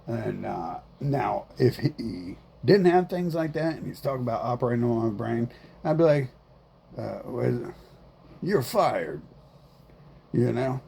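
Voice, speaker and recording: A man's voice: mid-range voice, expressive, measured pace, gravelly, warm tone, slightly rough. A man in a casual vlog monologue, rambling and repeating himself, swearing often and defiant in tone. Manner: rambling, repetitive, profane, defiant. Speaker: vlogger.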